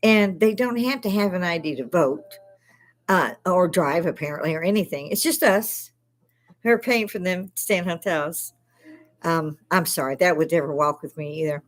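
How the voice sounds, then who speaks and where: This older woman's voice is fairly low and moves at a moderate pace. Hosting a relaxed livestream from her own bar, she curses without restraint and laughs a lot.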